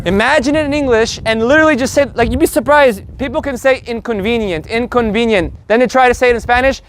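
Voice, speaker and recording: High-voiced, animated man teaching Spanish. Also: a little hiss or hum. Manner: animated, joking, repeats words slowly for learners. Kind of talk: live online language lesson.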